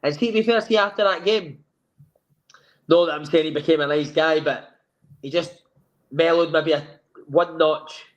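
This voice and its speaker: A man with a Scottish accent, a guest telling lively anecdotes and acting out the dialogue in a sofa chat. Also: on the high side, normal speed, long pauses, dull audio. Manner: lively storyteller who acts out quoted dialogue. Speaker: former footballer guest.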